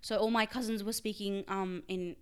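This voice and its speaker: A woman's voice: medium pitch, steady tone, normal speed, clean tone. A young woman with an Australian accent, co-hosting a casual chat and rambling through restarted sentences. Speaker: podcast co-host.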